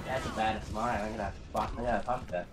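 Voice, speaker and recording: A man's voice: lowish voice, steady tone, rapid-fire. A hyper, jokey young man chatting casually on a game stream, stumbling over his words as he jokes around. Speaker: player and co-commentator.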